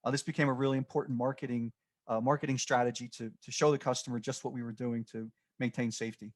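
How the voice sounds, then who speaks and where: Guy presenting slides, mid-pitch voice, lots of ums and restarts. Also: level tone. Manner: unscripted and halting, with many fillers and restarts. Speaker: extension presenter.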